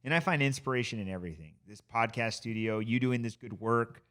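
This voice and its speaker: Animated man telling stories on a podcast. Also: medium pitch, brisk. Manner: animated storyteller, swears casually. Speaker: podcast guest. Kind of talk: casual podcast chat. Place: podcast studio.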